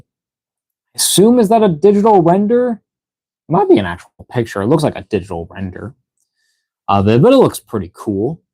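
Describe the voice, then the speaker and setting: A man's voice: fairly low pitch, warm tone, no echo. A tired man hosting a toy unboxing live stream, rambling casually with lots of fillers and yawns. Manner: rambling, filler-heavy, reads chat aloud. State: tired, yawning, out of breath.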